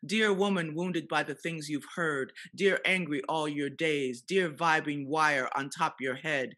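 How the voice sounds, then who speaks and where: Slow, bright-voiced poetry reader. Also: male voice, a little high, steady tone. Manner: incantatory, rhythmic address and long lists of names. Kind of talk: spoken word poetry reading.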